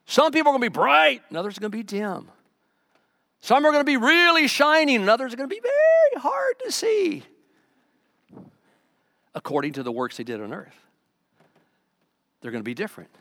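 A man with a high-pitched voice delivers a sermon as pastor, pressing hard on key lines and then dropping to quiet asides. The sound is dry and close, with no room around it. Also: huge pitch swings, brisk, long pauses, no echo. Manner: emphatic preaching, swinging between loud urgent lines and quiet asides.

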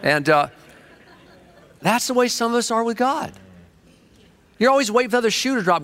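A man preaching a sermon with fervent energy, telling stories and shifting between quick and drawn-out phrases. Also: very high-pitched, animated, a bit bright.

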